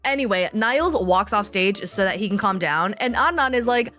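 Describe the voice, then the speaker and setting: A woman's voice: mid-range voice, lively intonation, moderate pace, hardly any pauses, fairly bright tone, faint music behind. A woman giving snarky, sarcastic commentary in a reality TV recap. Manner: snarky, mocking, puts on silly voices for quotes. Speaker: recap host.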